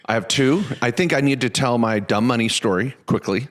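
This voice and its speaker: A man's voice: medium pitch, brisk. A man co-hosting a podcast, telling stories in a casual, joking way. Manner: animated storyteller, joking asides. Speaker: podcast co-host.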